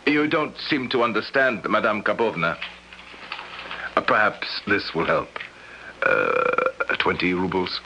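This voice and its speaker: An actor playing a polite, skeptical gentleman from Moscow who also narrates, in a 1970s radio drama. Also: fairly low pitch, expressive, slight background noise, full character voice. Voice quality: polite, measured, slightly formal. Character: sophisticated man from Moscow, curious and skeptical. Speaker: narrator and lead character. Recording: dull lo-fi old radio broadcast.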